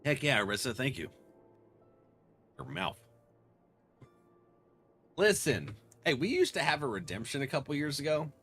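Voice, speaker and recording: Man, game streamer, casual, swears, laughs a lot, very expressive pitch. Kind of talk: casual live-stream commentary.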